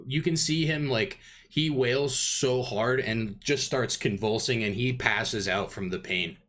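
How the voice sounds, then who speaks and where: A man's voice: mid-range voice, unhurried, a bit bright. A man running a tabletop game as dungeon master, narrating in a rambling way with many fillers.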